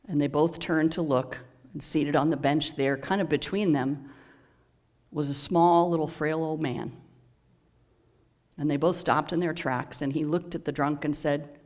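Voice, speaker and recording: Minister, sermon storytelling, very slow pace, measured, dramatic pauses, mid pitch. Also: fairly even intonation, darkish tone.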